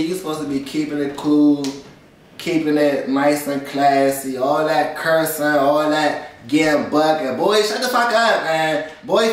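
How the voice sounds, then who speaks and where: A man's voice: on the high side, distant mic. A young man hosting, delivering a profane, rambling, slang-heavy comedic rant. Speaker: host. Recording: echoey room, voice away from mic.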